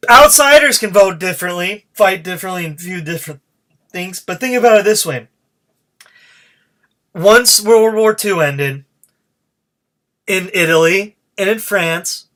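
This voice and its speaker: A man's voice: high voice, pushed and bright. A man hosting his own podcast, delivering a profane, fired-up solo rant. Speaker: podcast host.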